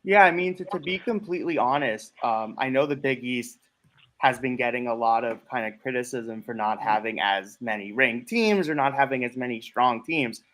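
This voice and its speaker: Male co-host, average pitch, thoughtful earnest sports commentary. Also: fairly bright tone, rough recording. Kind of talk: postgame sports talk.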